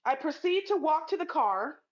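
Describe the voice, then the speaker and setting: A woman's voice: sits high, big pitch swings, normal speed. A woman telling a story to camera in a blunt, profane, emphatic way. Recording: dull lo-fi sound.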